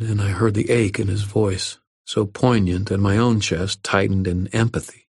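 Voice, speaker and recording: A man reading a first-person story aloud as an audiobook narrator, in an even, measured way. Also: lowish voice, vocal fry, slightly rough, no room sound, clean studio sound.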